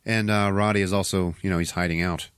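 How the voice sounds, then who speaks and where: A podcast host recapping a movie in a profane, chuckling, animated way. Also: male voice, deep voice, fast talker, clean tone, no echo, clean studio sound.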